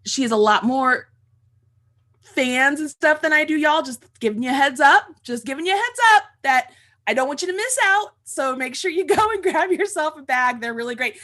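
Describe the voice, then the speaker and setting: A woman's voice: high voice, animated, normal speed, fairly bright tone. A woman hosting a casual livestream chat, gushing and repeating herself. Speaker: host.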